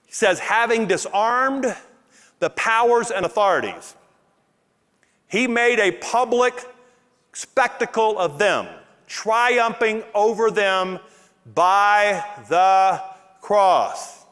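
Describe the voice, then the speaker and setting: Louisiana pastor guy, high voice, preaching big, church reverb ringing. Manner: animated preaching with emphatic drawn-out words. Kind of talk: sermon. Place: church auditorium with congregation. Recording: long hall reverb in a church.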